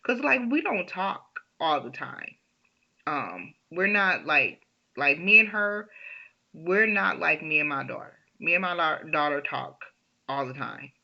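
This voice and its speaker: A woman tells a personal story in a chatty, laughing way. She talks slowly with a bright, forceful tone. The recording is dull and lo-fi. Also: low-pitched, expressive, creaky. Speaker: storyteller, vlogger. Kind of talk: casual storytime.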